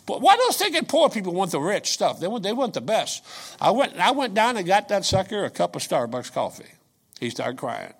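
Older man preaching, loud swings. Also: high-pitched, wildly swooping pitch, fairly quick, husky. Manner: folksy storytelling, swings from quiet asides to shouting. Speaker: pastor. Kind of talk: sermon.

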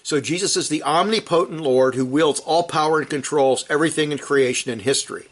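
A man preaching a sermon, teaching from scripture in an emphatic way that rises to forceful peaks and then drops low and quiet. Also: fairly quick.

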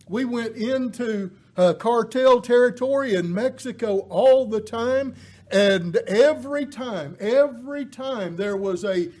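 A middle-aged male preacher delivers a sermon in a high, unhurried voice. He builds to emphatic, impassioned peaks, then slips into folksy asides full of filler words. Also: a little mellow.

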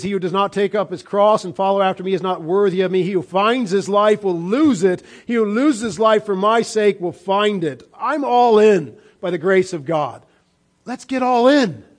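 A man preaching a sermon, swinging from fervent shouts down to low, hushed lines. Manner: impassioned preaching, rising and dropping sharply. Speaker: pastor.

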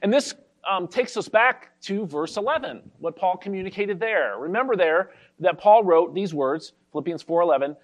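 A man pastor giving an expository sermon, carefully explaining a Bible verse and reading the scripture slowly. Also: high-pitched, expressive.

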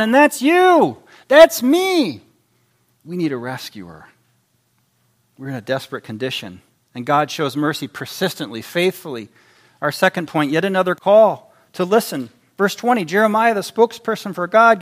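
A man preaching a sermon, animated, acting out voices in his illustrations. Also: a little high.

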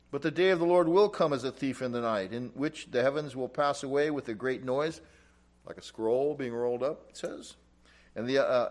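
A man preaching an expository Bible teaching, reading verses aloud and explaining them emphatically. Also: medium pitch. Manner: emphatic, rising loud on quoted scripture.

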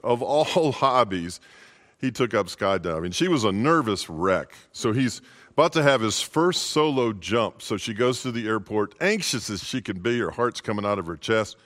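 Folksy low-voiced pastor. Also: male voice, lively intonation, moderate pace, fairly bright tone. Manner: folksy, conversational. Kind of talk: informal holiday sermon.

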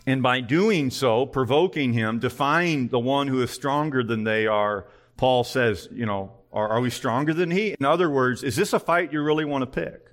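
A man's voice: mid-range voice, moderate pace, few pauses. A male pastor preaching an earnest sermon, full of pointed rhetorical questions.

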